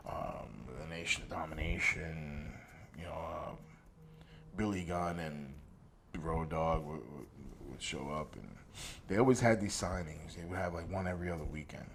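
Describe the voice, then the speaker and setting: A man's voice: steady tone, normal speed. A man telling a long casual story as an interview guest, swearing freely and recounting old conversations. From New Jersey. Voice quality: deep and gravelly, swears freely. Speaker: interview guest, former wrestler. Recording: faint background noise.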